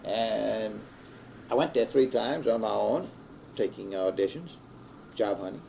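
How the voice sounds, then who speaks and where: A Southern US sports broadcaster in his fifties reminisces in an interview, telling stories unhurriedly with many pauses and frequent "uh" restarts. His voice is on the low side, creaky and mellow. The dull 1960s reel-to-reel tape carries slight background noise.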